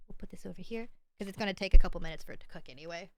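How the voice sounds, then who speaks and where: A woman's voice: mid-range voice, big pitch swings, quick pace, hardly any pauses, slight background noise. A woman livestreamer chatting casually to her stream, rambling and playful with a self-mocking edge.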